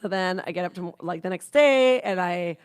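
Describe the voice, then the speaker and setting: A young woman from Canada co-hosts a podcast, speaking at normal speed in a fairly low, clear, resonant voice with no room sound. Chatting casually, she tells a long, rambling, animated story and swears from time to time.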